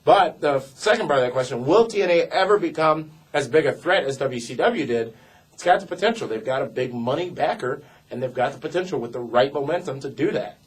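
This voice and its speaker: Another co-host reads viewer mail on the casual wrestling show, speaking into a desk mic a little fast and with playful emphasis. His voice is on the high side, animated, with a breathy edge.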